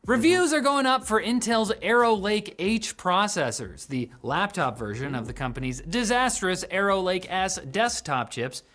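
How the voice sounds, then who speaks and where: Lively sarcastic tech news host. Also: male voice, high voice, normal speed, few pauses. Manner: sarcastic, jokey delivery. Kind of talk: scripted news commentary.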